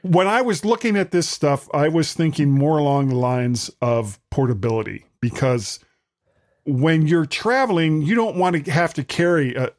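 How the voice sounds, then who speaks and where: A man's voice: on the high side, darkish tone. A man hosting a podcast, talking about travel gadgets in an easygoing, joking way. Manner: easygoing, joking, reads specs loosely. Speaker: podcast host. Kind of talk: casual chat about gadgets.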